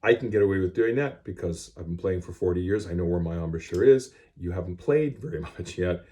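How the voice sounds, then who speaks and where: Brisk and warm-toned, a middle-aged man's low voice guides students through a music class. He is the band teacher, speaking directly and plainly to instruct them. The audio was recorded on a cell phone.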